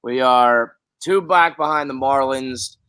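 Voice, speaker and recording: A man's voice: mid-range voice, slow pace, pushed and bright, smooth, no room sound. A man hosting a casual sports podcast from an office, profane and exasperated as he talks. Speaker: podcast host.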